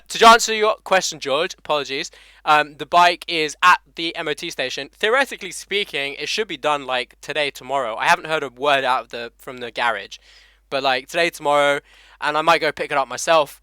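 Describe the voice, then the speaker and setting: A man's voice: on the high side, brisk, sharp tone, clear, resonant tone, dry recording. A young man with an English accent hosting a casual motorcycle live stream, swearing freely and laughing as he greets viewers by name. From England. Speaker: motovlogger host.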